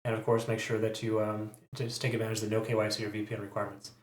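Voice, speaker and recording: A man's voice: on the low side, completely flat delivery, rapid-fire, roomy sound. A man hosting a crypto chart analysis channel, talking casually and correcting himself often. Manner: chatty, self-correcting, frequent fillers.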